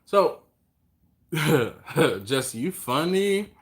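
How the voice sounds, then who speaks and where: A man hosting a casual live stream, greeting viewers by name and reading their comments, easygoing and quick to chuckle, recorded on a phone at home. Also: fairly high pitch, very animated. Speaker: host of a barbecue live stream. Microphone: phone on a mount.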